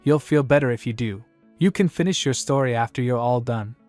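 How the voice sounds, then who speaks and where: A man's voice: mid-range voice, a little fast, darkish tone, no room sound, faint music behind, natural voice. A man voicing a blunt but kind young duke in a storybook recap, speaking in a straightforward, reassuring way.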